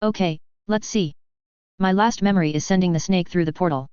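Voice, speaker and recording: A woman reading fan fiction aloud, voicing an anxious but determined young witch who talks briskly and insistently, on a dull lo-fi recording. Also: on the low side, a little mellow, clean tone, no echo, natural voice. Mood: worried, brisk.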